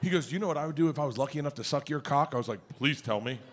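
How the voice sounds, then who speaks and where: A man doing a stand-up comedy set, telling a story loudly and acting out the other people in it with shouted voices. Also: fairly high pitch, rapid-fire, noisy background. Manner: loud, animated storytelling that jumps into shouted voices. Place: comedy club stage before an audience.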